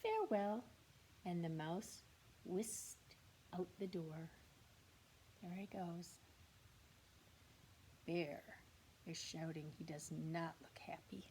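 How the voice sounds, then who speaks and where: A woman teacher reading a picture book aloud to young children, slow and expressive, with whispered asides to the class. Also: deep voice, slight background noise. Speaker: kindergarten teacher.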